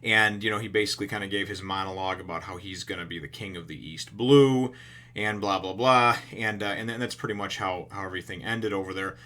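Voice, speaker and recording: A man's voice: low-pitched, fairly even intonation, fairly quick, bright, forceful tone. A man casually talking through a comic chapter for his channel, rambling with lots of fillers and restarts and swearing freely. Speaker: video reviewer. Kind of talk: casual chat.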